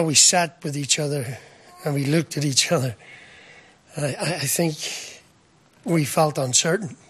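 A middle-aged male preacher with a high voice delivers a sermon. His tone is bright and forceful. He talks earnestly, repeats words and often checks with the listeners. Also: husky.

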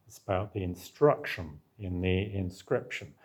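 Male preacher, lowish pitch, relaxed question-and-answer sermon style. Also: unhurried, husky. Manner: conversational, asks the congregation questions and answers them.

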